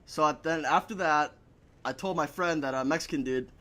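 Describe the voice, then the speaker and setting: A man's voice: on the high side, a little fast, bright, forceful tone. A young man telling a story in a casual chat, swearing a lot and laughing between lines. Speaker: podcast guest.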